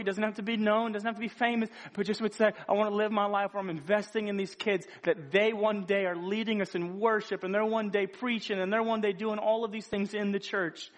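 High-voiced earnest male preacher. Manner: earnest, conversational preaching with frequent restarts. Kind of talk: sermon.

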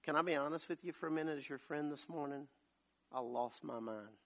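Preacher, male, raspy edge, fairly high voice; swings from hushed testimony to full-volume shouting. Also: a little fast. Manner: shifts from quiet storytelling to loud shouted preaching. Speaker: pastor. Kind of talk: sermon. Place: church.

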